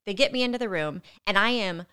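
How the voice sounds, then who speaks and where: Lively, bright-voiced woman telling a story. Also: mid-range voice, quick pace, smooth. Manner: animated, laughs often while telling. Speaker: guest telling her birth story. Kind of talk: casual storytelling chat.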